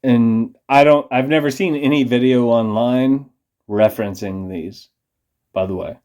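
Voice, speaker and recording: Profane ranting man, mellow dark voice. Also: medium pitch, unhurried, smooth. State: tipsy from drinking beer. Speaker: vlogger. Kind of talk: rambling monologue to camera.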